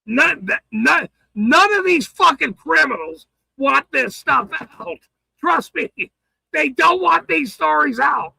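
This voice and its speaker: A man ranting on a livestream, profane and taunting, swinging between shouting and muttering. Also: very high voice, lively intonation, takes it slowly, gravelly, dry recording, poor audio. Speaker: livestream host.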